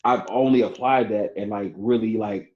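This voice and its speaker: A man's voice: fairly low pitch, normal speed, a little mellow. A man guest on a podcast, talking loosely about his marriage with plenty of fillers and restarts. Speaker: guest, barber and entrepreneur. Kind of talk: casual podcast conversation. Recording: roomy, slightly dull podcast audio.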